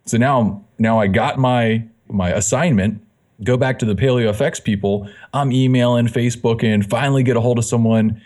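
Speaking at a moderate pace in a mid-range voice, this man, a fitness magazine editor, shares his story as a guest in a casual interview. He tells it animatedly, acting out the lines he quotes.

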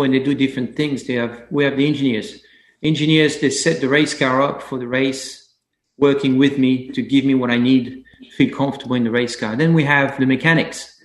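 A man, a racing driver guest on a casual interview podcast, talking enthusiastically with halting restarts. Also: medium pitch. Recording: echoey room.

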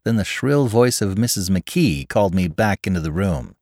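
Male narrator, low voice, very lively intonation, expressive audiobook reading, dry close sound. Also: normal speed, no echo.

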